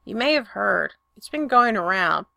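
A woman's voice: medium pitch, big pitch swings, normal speed, creaky, sharp tone, no room sound, clean studio sound, heavily acted. A woman voicing a sulky, bitter young man who speaks stiffly and curtly, in her own reading voice. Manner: stiff, curt, resentful.

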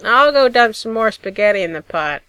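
A woman's voice: medium pitch, lively intonation, normal speed, sharp tone, dry recording. A woman voicing a wry older male general with a slightly nasal burr, joking at his own expense. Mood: easygoing. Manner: joking, self-deprecating.

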